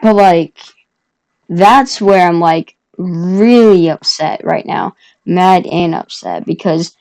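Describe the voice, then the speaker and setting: A woman's voice: medium pitch, steady tone, slow pace, dark tone, low-quality recording. A woman vlogger telling a personal story in a casual, rambling way, often correcting herself.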